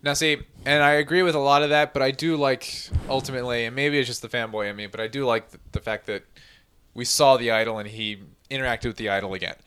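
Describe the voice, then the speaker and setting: A young man co-hosting a casual podcast chat, excitable and geeky, quick to laugh. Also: medium pitch, clear, resonant tone. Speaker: podcast co-host.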